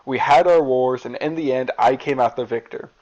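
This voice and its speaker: A man's voice: mid-range voice, normal speed, darkish tone, close to an everyday voice. A man voicing a confident female wrestling champion who brushes off a rival. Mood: dismissive. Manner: dismissive. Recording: dull lo-fi recording.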